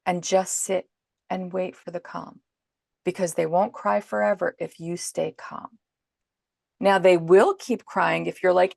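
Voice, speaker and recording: A woman guest on a podcast, calmly and patiently explaining parenting advice in an instructive way. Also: lowish voice, measured pace, vocal fry, no room sound, studio quality.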